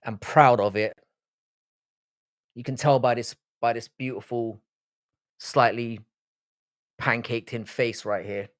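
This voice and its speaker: A man with Irish roots, raised in Britain and speaking with an English accent, hosts a casual livestream, bluntly and sweary reading out and answering comments. His medium-pitched voice is steady and slow with frequent pauses, recorded cleanly in a studio with no echo.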